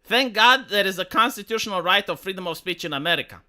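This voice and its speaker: A male live streamer from Romania rants with heated, profane indignation. His voice is very bright and sharp-edged, and his pitch swings widely as he restarts his sentences. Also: expressive, quick pace. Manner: stumbling restarts. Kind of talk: ranting commentary on a live stream.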